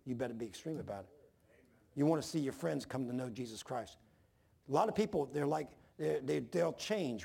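In a husky, medium-pitched voice with vocal fry, a pastor preaches and tells folksy stories. His storytelling is animated, and he imitates the voices of the people in his anecdotes.

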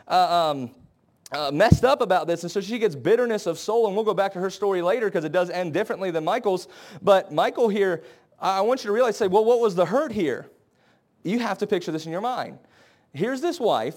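A young man preaching a sermon in an earnest, conversational way, acting out scenes with quoted voices. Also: high-pitched. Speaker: pastor.

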